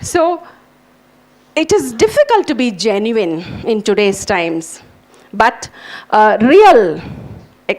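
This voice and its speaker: Middle-aged woman professor, lively high voice, earnest talk to students. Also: takes it slowly, pauses often. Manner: animated, earnest, addresses students directly. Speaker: English professor giving a talk. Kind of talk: lecture to students. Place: lecture hall.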